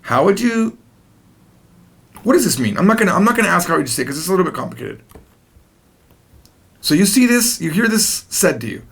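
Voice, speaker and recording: A man teaching a video language lesson, explaining in a chatty, animated way. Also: sits high, fairly quick, gravelly, long pauses, slightly rough.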